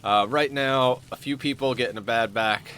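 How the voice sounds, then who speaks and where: A man's voice: medium pitch, moderate pace, bright, forceful tone, slight background noise. A man casually commenting on his game as he plays, stuffed up with a morning voice and rambling with fillers as he thinks aloud. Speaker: streamer playing a colony sim.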